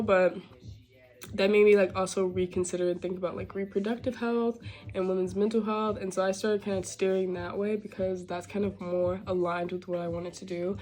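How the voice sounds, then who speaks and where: A woman in her twenties chatting candidly as a vlogger while getting ready, expressive and swearing freely. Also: mid-range voice, normal speed.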